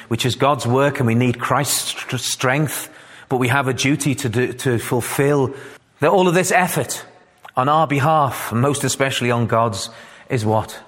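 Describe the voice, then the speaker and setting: A man's voice: medium pitch, a bit bright, long reverb tail. A man preaching a sermon, earnest and rising to fervent, emphatic peaks.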